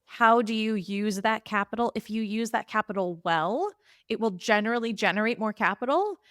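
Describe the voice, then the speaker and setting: A woman's voice: mid-range voice, lively intonation, fairly bright tone, dry recording, clean studio sound. A woman money coach chatting as a podcast guest, emphatic and direct, often speeding up when she mimics other people. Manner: emphatic, quick bursts when quoting others. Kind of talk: casual interview chat.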